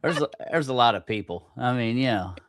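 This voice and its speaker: Give me a man hosting a loose livestream podcast. He swears constantly, grumbles at his own tech troubles and laughs at himself. His voice sits at an ordinary pitch and is recorded dry and close, with no room sound. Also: lively intonation, brisk, no echo. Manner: profane, easily aggravated, self-mocking. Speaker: podcast host. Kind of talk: casual livestream chat.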